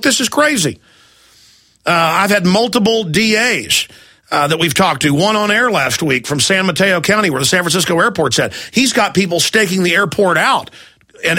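A man's voice: high voice, bright, forceful tone. A man hosting a talk radio show, ranting angrily and firing off rhetorical questions. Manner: angry, ranting, rapid-fire rhetorical questions. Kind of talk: heated talk radio rant.

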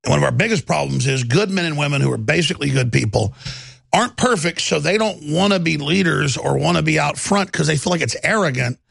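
A male radio talk show host, ranting in a heated monologue with stammered restarts and bursts of shouting. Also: on the high side, animated, fairly quick, no echo, studio quality. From Texas. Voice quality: gravelly.

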